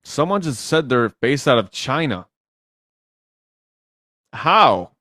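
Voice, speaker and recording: A man's voice: mid-range voice, very animated, slow pace, sharp tone, no echo, studio quality. A man working as a dating coach, giving blunt, teasing advice on a live stream and swearing freely.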